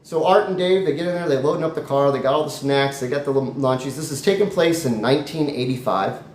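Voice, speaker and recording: A man improvising a comic story in a rambling, animated way with jokey asides. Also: mid-range voice, quick pace. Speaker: comedy storyteller. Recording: echoey room, faint noise.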